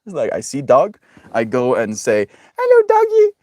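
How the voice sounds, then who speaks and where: A man's voice: medium pitch, animated, normal speed, no room sound, studio quality. A young man chatting casually on a live stream, reading chat messages aloud and laughing often in a joking way.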